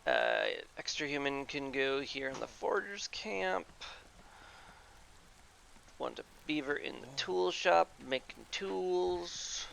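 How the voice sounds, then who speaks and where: A man's voice: on the high side, very animated, takes it slowly, gravelly, a bit bright, a little hiss or hum. A man casually commenting on his gameplay as he plays, talking to himself and to the game with mock rants. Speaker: gameplay streamer.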